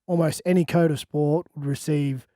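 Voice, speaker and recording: A man's voice: on the high side, fairly even intonation, moderate pace, warm tone, no echo. A man, a former rugby league player, speaking thoughtfully on a radio sports panel. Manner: reflective, thoughtful.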